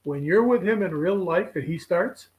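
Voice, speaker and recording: An older man, a regular guest telling animated stories in casual chat and voicing the people in them. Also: high voice, moderate pace, muffled recording. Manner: animated storyteller who voices the people in his stories. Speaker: regular guest on a fishing show.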